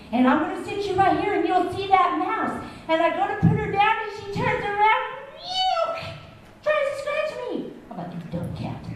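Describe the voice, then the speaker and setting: A woman telling a funny story at church story time, acting out her own reactions with gasps and laughs. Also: extremely high pitch. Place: church hall. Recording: echoey hall from far off, room noise.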